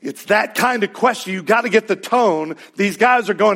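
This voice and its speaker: A male pastor preaching a sermon in a conversational, emphatic way, with sudden loud peaks. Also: high voice, normal speed.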